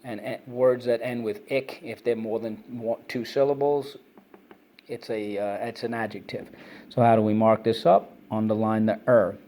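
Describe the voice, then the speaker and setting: A man's voice: mid-range voice, level tone, dark tone. A man teaching a phonics and vocabulary lesson to children, drilling words and praising answers. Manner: brisk, repetitive drilling, prompts and praises listeners. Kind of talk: online reading lesson for kids.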